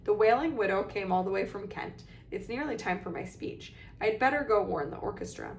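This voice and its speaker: A woman's voice: mid-range voice, expressive, fairly quick, echoey room, slight background noise, natural voice. A woman voicing a proud, touchy male ghost nobleman who speaks stiffly and formally. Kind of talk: audiobook reading.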